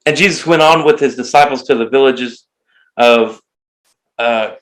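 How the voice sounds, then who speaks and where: A man in a relaxed chat, reading scripture and explaining it in slangy everyday words. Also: mid-range voice, moderate pace, low-quality recording. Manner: laid-back, slangy, talks it through. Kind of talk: casual Bible reading and chat.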